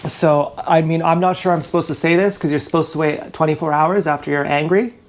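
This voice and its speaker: Here the ranting livestreamer speaks at a brisk clip in a medium, steady voice, with a slight hiss or hum audible. Upset and cursing, the YouTuber rambles into a GoPro from indoors in an emotional vlog.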